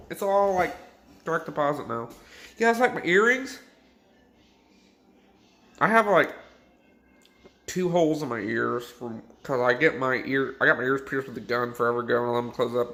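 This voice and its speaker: Drunk young dude ranting on his vlog, high voice all over the place, echoey room. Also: a bit bright. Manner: rambling, crude and swearing, laughing at own jokes. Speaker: vlogger. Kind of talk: rambling drunk rant to camera.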